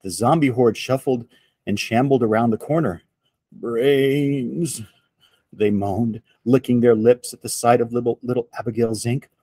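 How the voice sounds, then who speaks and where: A man reading a picture book aloud to children in an expressive storytelling voice. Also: medium pitch, slightly rough, dry recording. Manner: slow, expressive read-aloud.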